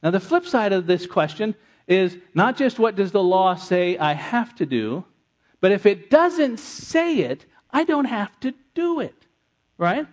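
A middle-aged man preaching an interactive sermon, conversational and animated, repeating answers from the congregation. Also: high-pitched, measured pace. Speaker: pastor.

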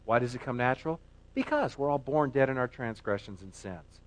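A man's voice: mid-range voice, expressive, fairly quick. A middle-aged man preaching a sermon as pastor, earnest and emphatic, often repeating himself for weight.

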